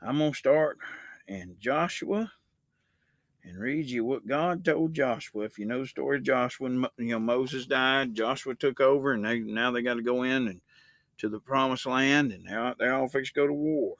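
A man's voice: mid-range voice, moderate pace, a bit bright, dry recording, clean studio sound. A man hosting a Christian podcast, talking in a loose, rambling way and reading scripture aloud with rising emphasis. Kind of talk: casual spoken sermon.

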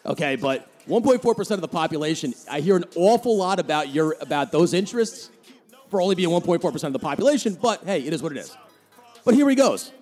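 Fast, sarcastic New Jersey man. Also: fairly high pitch, big pitch swings, a little mellow. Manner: sarcastic, heated, mocking. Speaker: podcast host. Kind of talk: opinionated solo podcast rant.

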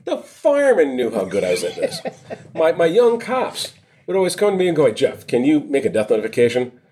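A middle-aged man, a retired police officer, co-hosting a podcast and telling a long story in a rambling, animated way, swearing and laughing often. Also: a little high, a little fast, a little hiss or hum. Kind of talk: casual storytelling chat.

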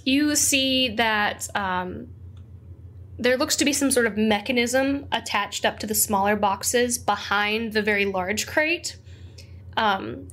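A woman's voice: medium pitch, fairly bright tone. A woman narrating a tabletop game as game master, rambling with many fillers.

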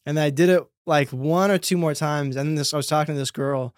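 A man's voice: on the high side, a little fast, dry recording, studio quality. A man telling laid-back, swear-filled comedic stories in casual podcast chat, laughing along.

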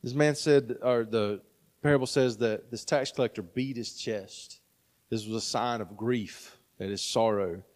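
A man's voice: medium pitch, fairly even intonation, unhurried, in a large hall. A man in his thirties preaching a sermon in a conversational way, often checking in with "right?". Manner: conversational, frequent "right?" asides. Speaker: pastor.

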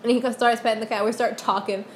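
Young woman, slightly high voice, giggly rambling storyteller, faint background hiss; casual podcast chat. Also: steady tone, quick pace.

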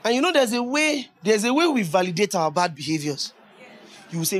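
A man preaching a sermon, lively and conversational, asking the congregation questions and laughing along with them. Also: high voice, a little fast, slight background noise.

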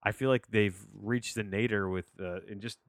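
Low-voiced man in casual podcast chat. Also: fairly even intonation, moderate pace, dry recording. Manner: loose, full of restarts and self-corrections; frank, offhand swearing. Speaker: podcast host reviewing movies.

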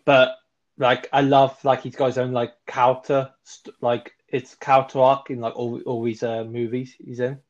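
In a casual podcast chat, a man co-hosting reviews films with rambling enthusiasm and frequent self-corrections. He talks at normal speed with a medium pitch and even tone, over dull-sounding audio.

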